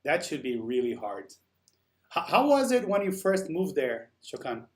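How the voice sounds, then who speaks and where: Male live-stream host, a bit high-pitched, relaxed chatty delivery, reads and answers chat as he goes. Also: moderate pace. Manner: chatty, answers viewer comments while working. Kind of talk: casual chat with live viewers.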